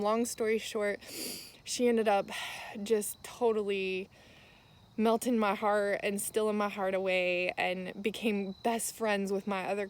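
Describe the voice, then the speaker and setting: A young woman speaks on camera in a tearful, heartfelt way, telling a personal story of faith. Her voice sits at an ordinary middle pitch, and she rambles a little with soft fillers and restarts as she reminisces. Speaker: vlogger. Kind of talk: personal testimony vlog.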